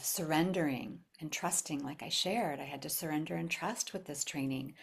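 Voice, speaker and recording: Female workshop leader, low voice, expressive, acts out quotes, drops to whispers. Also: gravelly. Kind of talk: live workshop teaching to a group.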